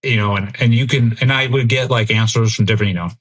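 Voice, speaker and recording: A man's voice: lowish voice, fairly even intonation, fast talker, fairly bright tone. A middle-aged American man and military veteran, a podcast guest talking candidly and reflectively in an interview. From United States. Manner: earnest, reflective, thinks aloud.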